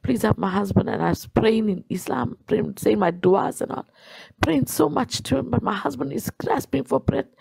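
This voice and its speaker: A woman's voice: on the high side, lively intonation, normal speed, gravelly, a little mellow, husky, no echo, rough recording. A woman telling her personal faith testimony in an earnest way, repeating herself for emphasis. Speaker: guest sharing a testimony.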